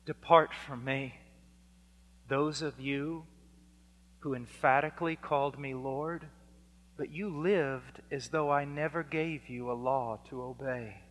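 A man's voice: mid-range voice, measured pace. Fiery preacher man in a reverberant hall. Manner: swings from hushed to shouting, acts out dialogues. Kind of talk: fiery sermon.

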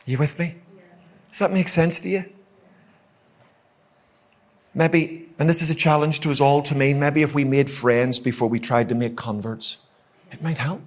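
A man's voice: a little high, steady tone, moderate pace, pauses often. A man with a Northern Irish accent preaching a sermon to a church congregation, emphatic and repetitive, asking the room rhetorical questions. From Northern Ireland. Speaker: guest preacher. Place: church hall, live congregation.

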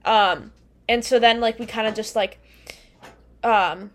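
A young woman with a slightly high voice, co-hosting a casual chat show. She tells her story in a loose, rambling way and often breaks into laughter. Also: fairly even intonation, slow pace. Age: young adult. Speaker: podcast co-host.

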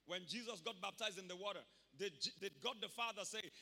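Emphatic preacher, bright voice. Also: male voice, sits high, brisk, few pauses. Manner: emphatic preaching, bursts of loud exclamation. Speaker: pastor. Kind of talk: sermon. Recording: long hall reverb.

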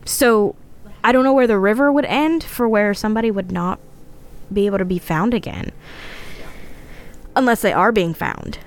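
A woman's voice: medium pitch, moderate pace, pauses often. A woman co-hosting a casual podcast, reading a legend from her notes with frequent laughs and stumbles. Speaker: podcast co-host.

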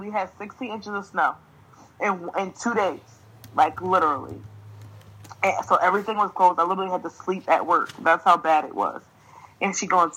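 A young New Jersey podcast host with a fairly low, husky voice rants animatedly through a story in casual talk. She swears freely and laughs often, and the audio quality is poor.

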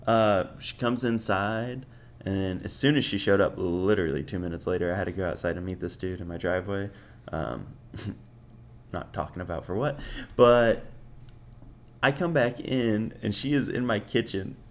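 A man's voice: sits low, moderate pace. A young man casually telling dating stories as a podcast host, swearing and laughing often. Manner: profane and laughing, offhand. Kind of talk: casual storytelling.

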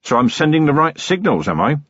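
Man doing a wry old-hand police chief, plain talking, husky, dull lo-fi sound. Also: a little high, sing-song, brisk, a bit bright, dry recording, pitched above the performer's own voice. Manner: dry, plain-spoken, wry. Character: gruff seasoned city police commander, dry and wry. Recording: dull lo-fi audiobook recording.

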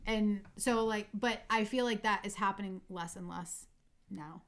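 Middle-aged woman guest, mid-pitched, earnest and questioning. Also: measured pace. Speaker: guest, a host's mother. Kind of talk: casual chat.

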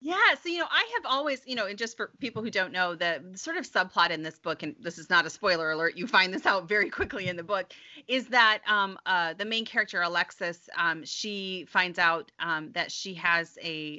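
Bright-voiced woman author, lo-fi call. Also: lowish voice, fairly quick. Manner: warm, laughs often, restarts sentences. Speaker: author guest. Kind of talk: casual interview chat.

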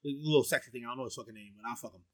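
A middle-aged man with a baritone voice rambles through a loose, profane podcast chat, stoned and full of "like" and "um." His pitch sits mid-range, and the sound is dry and close to the mic. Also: rapid-fire, a bit bright, no echo. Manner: rambling and profane, heavy with fillers and restarts. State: high on marijuana. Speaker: podcast co-host. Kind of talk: casual chat.

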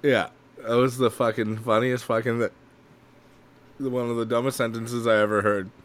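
A man co-hosting a podcast, chatting casually, swearing freely and slipping into quick impressions. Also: mid-range voice, level tone, a crowd in the background. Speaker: podcast co-host.

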